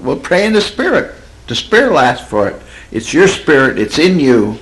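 A man preaching a sermon in a folksy, conversational way, slowing down to stress points and chuckling at his own stories. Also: big pitch swings, a bit bright, rough recording. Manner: drawls and slows for emphasis, swoops in pitch. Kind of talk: sermon teaching.

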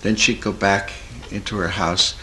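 A man's voice: sits low, unhurried, slight background noise, poor audio. A Christian therapist, a man, tells a story from his practice in a folksy, earnest way. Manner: folksy, earnest, animated retelling. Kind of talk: storytelling talk.

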